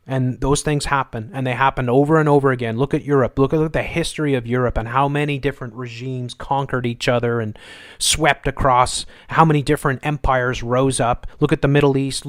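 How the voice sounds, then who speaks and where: A man's voice: fairly high pitch, dry recording, studio quality. A man hosting a live show, ranting in a heated, argumentative way and swearing as he repeats his points. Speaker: host of a live commentary show. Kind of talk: heated political rant.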